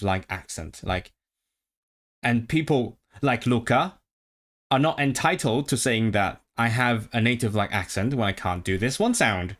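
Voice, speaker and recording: A man's voice: mid-range voice, a bit bright. A man chatting casually on his own livestream, thinking aloud with many restarts and stopping to practice trilled R sounds. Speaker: streamer.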